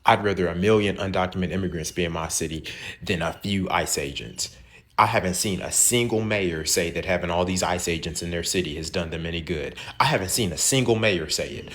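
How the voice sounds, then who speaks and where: A man speaking in a measured, firm way, repeating his point for emphasis. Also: low voice, fairly bright tone.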